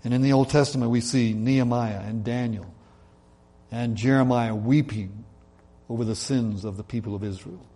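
A man preaching a sermon in an earnest way, slowing down and dropping his voice to stress key points. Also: on the low side, vocal fry, mellow, husky. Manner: earnest, slows and drops his voice for emphasis. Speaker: pastor.

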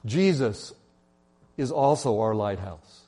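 An earnest male pastor delivering a sermon, his voice sitting at an ordinary middle pitch. He preaches in a storytelling manner, talking straight to the congregation. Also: lively intonation, slow, mellow, slightly rough.

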